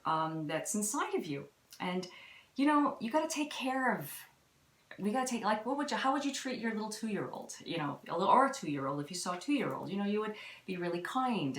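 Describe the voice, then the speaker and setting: A woman hosting a live stream, talking gently and rambling about spirituality, with many restarts. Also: mid-range voice. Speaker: intuitive reader and live-stream host. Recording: roomy echo.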